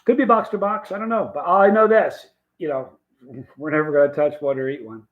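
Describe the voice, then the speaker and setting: Chatty man hosting a livestream, higher voice. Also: steady tone, brisk, narrow, tinny audio. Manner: rambling, folksy, reads viewer comments aloud. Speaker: livestream host reading viewer chat. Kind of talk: casual chat.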